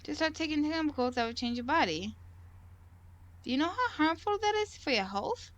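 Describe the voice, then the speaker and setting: A woman's voice: sits high, animated, moderate pace, voice pushed up. A woman reading the lines of a worried middle-aged mother who anxiously questions her child in a visual novel game.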